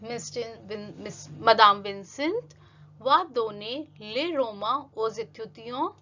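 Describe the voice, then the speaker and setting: A woman's voice: a little high, lively intonation, slow, sharp tone, lo-fi sound. A woman teaching French grammar in English, reading French example sentences and then translating them step by step. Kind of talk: grammar lesson explaining slides.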